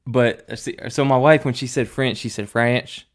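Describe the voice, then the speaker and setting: A man's voice: medium pitch, steady tone, a little fast. A man co-hosting a fan podcast in casual chat, laid-back and laughing as he tells stories. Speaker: podcast co-host. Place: Tennessee.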